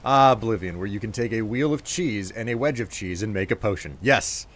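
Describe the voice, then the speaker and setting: A man's voice: on the low side, brisk, a bit bright. A man streaming live, chatting casually and joking while he thanks viewers.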